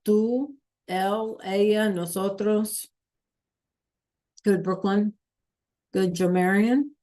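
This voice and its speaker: Over a video call, a woman whose medium-pitched voice sounds a little mellow leads a Spanish class, regularly pausing to ask "right?" or "okay?" during the online lesson.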